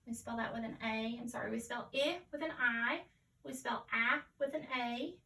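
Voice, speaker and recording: A woman teaching a phonics lesson to young children, sounding out each letter slowly and clearly. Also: a little high, pushed and bright.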